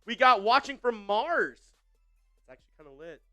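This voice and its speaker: A man's voice: very high-pitched, expressive, moderate pace, sharp tone, faint music behind. A man hosting a live football watch party in upbeat, casual chat, reading out viewer comments with frequent fillers and repeated phrases.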